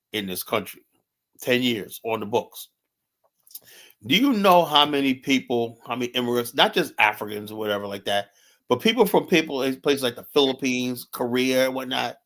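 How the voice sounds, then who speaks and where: A man's voice: mid-range voice, fairly bright tone. A man arguing in a heated panel debate, talking over others and repeating "hold on" to keep the floor. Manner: argumentative, keeps saying hold on. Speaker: panelist, insurance agent.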